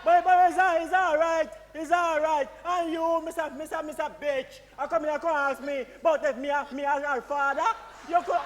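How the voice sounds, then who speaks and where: Man as a high-voiced, hot-tempered Jamaican dad who stammers and shouts insults; stage comedy, some hiss. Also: steady tone, normal speed, hardly any pauses. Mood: indignant. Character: jealous blustering father, middle-aged, insulting. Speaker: stage actor.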